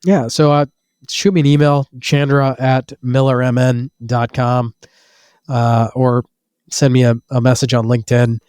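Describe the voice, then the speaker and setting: A man's voice: mid-range voice, flat delivery, darkish tone, clean tone, no room sound, studio quality. A man with a cold and a nasal voice, answering interview questions casually, repeating words as he goes. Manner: halting, repeats words, many fillers. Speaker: guest, business owner.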